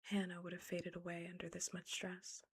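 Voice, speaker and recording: A woman giving whispered ASMR storytelling, reading a novel aloud and breaking off into animated, incredulous asides. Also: on the low side, normal speed, slightly rough. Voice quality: unvoiced whisper. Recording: close mic, ASMR setup.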